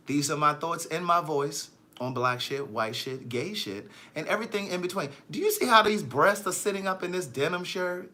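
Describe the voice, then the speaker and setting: A man chatting on a live stream, sassy and animated, reading viewer comments aloud and joking with them. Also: fairly high pitch, moderate pace. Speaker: vlogger.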